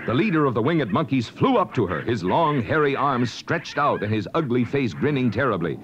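Reading a classic children's storybook from a script, a man speaks fairly quickly in a medium pitch with big swings up and down, full of dramatic expression. The audio is a hissy, dull, lo-fi vintage record.

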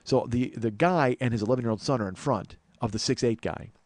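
Fast-talking profane man telling a story. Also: mid-range voice, dry recording. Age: 40s. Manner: profane, exasperated, animated retelling. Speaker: comedy podcast host. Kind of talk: storytelling monologue.

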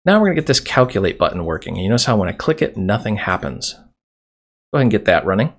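Gravelly low-voiced man teaching code. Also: very animated, fast talker, slight background noise. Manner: casual, chatty explaining while typing. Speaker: programming tutorial host. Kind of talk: screen-recorded coding tutorial. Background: keyboard typing and mouse clicks.

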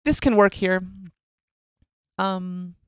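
A woman in a casual editing session, reading a story aloud and thinking out loud about its flaws with many restarts and asides. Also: mid-range voice, extremely slow, clean tone, no room sound. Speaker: story editor critiquing a submitted story.

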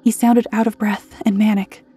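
In a mid-range, mellow, warm voice with a husky edge, a woman reads a scripted horror story in a measured, even manner.

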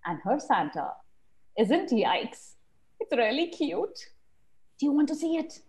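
Expressive woman teacher telling kids a story. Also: high voice, unhurried. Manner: expressive, sing-song, asking children questions. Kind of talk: animated storytelling for young children.

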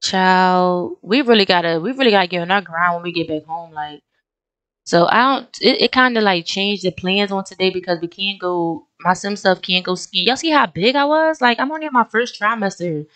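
A young woman hosting a life-sim let's play, talking casually and excitedly straight to her viewers, often breaking into exclamations. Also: medium pitch, moderate pace, clean tone. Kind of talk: casual gameplay commentary.

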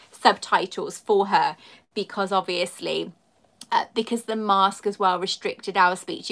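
A woman's voice: mid-range voice, a bit bright. A woman chatting effusively with viewers on a live stream, greeting them by name as a YouTuber and collector.

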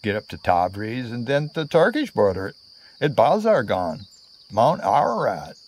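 A man's voice: medium pitch, huge pitch swings, a little slow, darkish tone. A man telling a travel story in a casual, meandering way, full of fillers and asides.

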